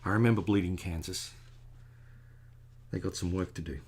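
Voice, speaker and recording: Middle-aged man, artist at work, low creaky voice, chatty digressive livestream commentary. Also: fairly even intonation, normal speed, darkish tone, a little hiss or hum. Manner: chatty, digressive, self-deprecating. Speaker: artist drawing a commission. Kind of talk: casual rambling commentary while drawing.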